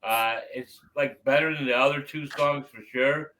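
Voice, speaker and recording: Man, bright tense voice, blunt, cursing, casual reaction chat. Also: mid-range voice, fairly even intonation, moderate pace, slight background noise, poor audio. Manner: blunt, swears freely, hedges with "you know". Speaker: reaction show co-host. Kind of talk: casual banter reacting to music.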